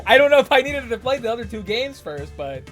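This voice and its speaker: A man with a bright, high voice that leaps up and down as he chats through a game stream. He is playful and quick to laugh. Soft music hums faintly behind him. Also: big pitch swings. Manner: playful, laughs often, reads dialogue aloud. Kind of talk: casual gameplay commentary. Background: faint background music.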